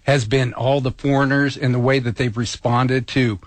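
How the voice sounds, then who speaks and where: A man's voice: mid-range voice, fairly even intonation, normal speed, no echo. A man chatting on a talk radio show, telling an anecdote with enthusiasm. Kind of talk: casual talk radio chat.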